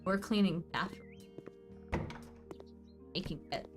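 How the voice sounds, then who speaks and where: A woman's voice: lowish voice, slow pace, over music. A woman casually chatting while streaming a game, rambling and answering her chat as she plays.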